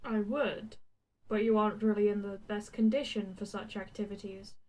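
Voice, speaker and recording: A man's voice: very high voice, moderate pace, a bit bright. A woman voicing a cocky, teasing young male hero with wings who talks in casual slang.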